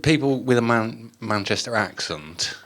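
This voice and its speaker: A man's voice: mid-range voice, expressive, measured pace, a bit bright. A man from England co-hosting a podcast, easygoing and agreeable, with dry quips. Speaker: podcast co-host. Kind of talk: casual chat.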